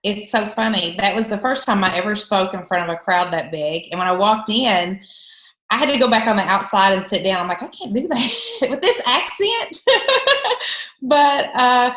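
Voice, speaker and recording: A woman's voice: mid-range voice, fairly bright tone, reverberant, poor audio. A woman with a heavy eastern Kentucky Appalachian accent telling her story candidly on a conference call, laughing often. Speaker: guest trainer. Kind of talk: conference call training talk.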